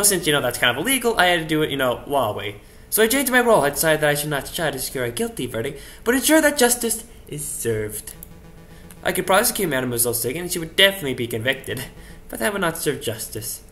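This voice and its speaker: Earnest bird prosecutor, male, reflective, bright voice, read by a man. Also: fairly high pitch. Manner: earnest, reflective, jokey asides.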